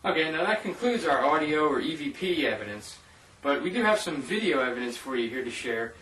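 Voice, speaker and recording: Presenting his paranormal evidence, a man talks straight to his viewers in an informal, casual voice-over over the clips. His voice is a bit high, sing-song, brisk, pushed and bright. He's far from the mic in a roomy space, and the rough audio carries slight hiss or hum.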